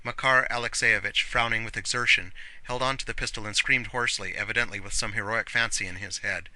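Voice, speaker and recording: A man reading a novel aloud as an audiobook narrator in an earnest, measured way. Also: on the low side, steady tone, sharp tone, dry recording, poor audio.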